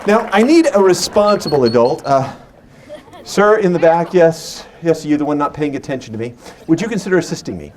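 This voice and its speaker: A man's voice: on the high side, expressive, a little fast, a little mellow, a faint crowd. A man in his forties performing as a magician. He uses a stage microphone and mixes playful stories with teasing banter with his audience. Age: 40s. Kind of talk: live stage patter with storytelling.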